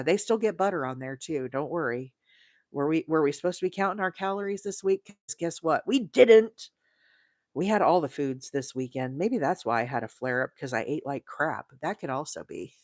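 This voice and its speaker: A woman from Arizona hosting a crochet livestream, rambling chattily and reading out viewer comments, with bursts of high, excited emphasis. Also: no echo, clean studio sound. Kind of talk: casual live-stream chat.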